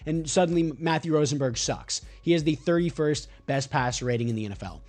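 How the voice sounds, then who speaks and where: A man's voice: fairly high pitch, lively intonation, a little fast, few pauses, darkish tone. A young man commentating a sports video game, ranting in frustration and repeating his complaints. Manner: ranting, exasperated, repetitive. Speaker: gaming YouTuber.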